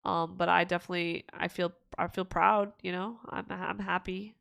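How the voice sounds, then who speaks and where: A woman's voice: fairly low pitch, level tone, moderate pace, gravelly, fairly bright tone, clean tone, no room sound, clean studio sound. A young woman streaming live, chatting casually with viewers in a rambling, giggly way. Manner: rambling and giggly, with many restarts. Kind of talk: casual livestream chat answering viewer questions.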